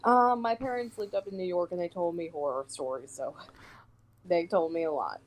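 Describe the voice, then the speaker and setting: A woman's voice: fairly low pitch, moderate pace, very noisy. A woman who works as a voice actress, guesting on a livestream, chatting casually and playfully with many ums over remote voice chat.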